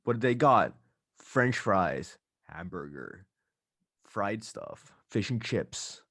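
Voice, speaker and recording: A man's voice: fairly low pitch, slightly rough, dry recording. Young man ranting on a podcast, dry sound. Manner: animated ranting, quick asides. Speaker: podcast host. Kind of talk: casual chat.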